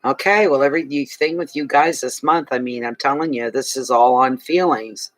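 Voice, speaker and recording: A man's voice: mid-range voice, moderate pace, no echo, poor audio. A man giving a casual monthly tarot reading to his viewers, chatty and rambling, with many asides and restarts, tired and yawning. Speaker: tarot reader.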